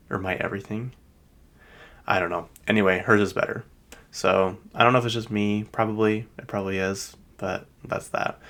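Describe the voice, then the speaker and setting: A young man with a lowish voice talks casually and rambles through everyday stories. He gets exasperated, and his voice jumps high when he vents. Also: fairly bright tone. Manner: chatty storytelling, exasperated rants with mock-indignant quoted outbursts. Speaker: podcast co-host. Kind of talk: casual chat.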